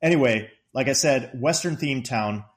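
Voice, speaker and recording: A man co-hosting a podcast, casually retelling movie scenes in an animated way, laughing often and quoting the characters in a raised voice. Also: mid-range voice, normal speed. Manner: laughs often while talking. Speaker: podcast co-host discussing a movie.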